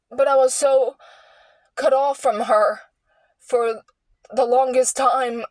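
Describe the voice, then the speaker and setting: A young woman speaks in a high voice, slowly and earnestly, as she shares a personal story. She sighs and breaks off mid-phrase as she searches for words. The sound is dry and close, with no room echo. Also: fairly even intonation. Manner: earnest and heartfelt, with halting restarts and sighs. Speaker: vlogger sharing a personal story. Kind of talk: candid personal monologue.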